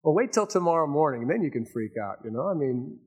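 Older male pastor, animated sermon. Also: on the high side, fast talker, slightly rough. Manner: animated preaching, swings from raised emphasis to hushed asides.

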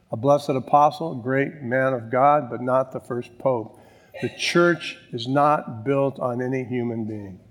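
A man preaching a sermon as pastor, emphatic, with slow, drawn-out stresses on key words. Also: mid-range voice, long reverb tail.

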